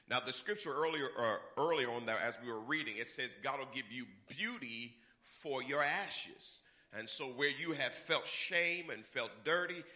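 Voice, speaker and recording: A man preaching, his voice bright and cutting. He swings from quiet, careful stretches to loud, emphatic declarations, asking his congregation questions and answering them himself. His pitch sits somewhat high for a man. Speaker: pastor. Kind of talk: sermon.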